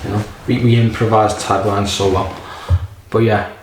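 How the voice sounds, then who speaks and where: A man's voice: fairly low pitch, steady tone, normal speed, noisy background. A man casually reviewing a beer in a rambling, jokey way, swearing often. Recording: very echoey room.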